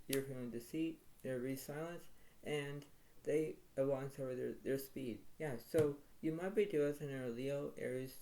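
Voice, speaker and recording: A man's voice: medium pitch, mellow, rough recording. A man giving a weekly tarot reading, rambling and repeating himself as he names each card. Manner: rambling, repetitive, filler-heavy.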